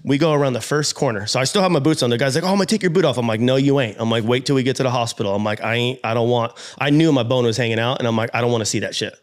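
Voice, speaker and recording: Guy on a podcast telling a crash story all animated, cussing, doing his own voice in the quotes, normal pitch. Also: very fast, hardly any pauses. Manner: acts out his own past lines, swears freely. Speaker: podcast guest. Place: podcast studio.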